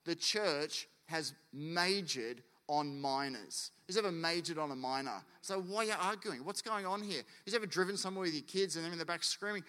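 A man preaching a sermon, animated and acting out quotes and stories. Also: fairly high pitch, moderate pace, hardly any pauses, smooth. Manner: animated, acts out quotes and anecdotes. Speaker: pastor. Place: church hall. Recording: long church hall reverb.

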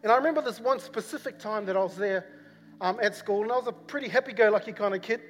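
A man's voice: sits high, fast. A man from New Zealand with a New Zealand accent, preaching a sermon as a rambling personal story full of fillers and repeats. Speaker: pastor. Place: church hall. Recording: long church hall reverb with faint music.

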